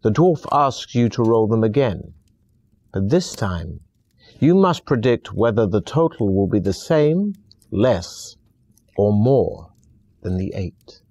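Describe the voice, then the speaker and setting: A man narrating a fantasy video game in scripted second person, in a calm, measured storytelling manner. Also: lowish voice, no echo.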